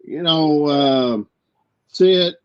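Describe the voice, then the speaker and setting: Man, middle-aged, very slow, halting and blunt, muffled lo-fi recording. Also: fairly high pitch, smooth. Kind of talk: casual chat.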